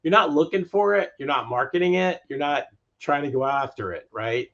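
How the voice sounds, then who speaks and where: A man's voice: a little high, lively intonation, moderate pace, a bit bright, dull audio. A man speaking as a guest in a podcast interview on lending. He makes his points emphatically and repeats phrases to drive them home.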